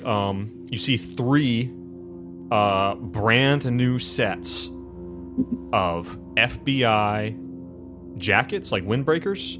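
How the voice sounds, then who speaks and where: A man running a tabletop game as game master, rambling with many "like"s and restarts as he sets the scene and acts out characters. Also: medium pitch. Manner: rambling, full of restarts and "like", acts out NPC lines.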